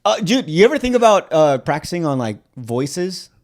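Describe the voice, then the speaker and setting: A man's voice: on the high side, very animated, normal speed. A man co-hosting a podcast in casual chat, rambling and restarting his thoughts. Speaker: podcast co-host.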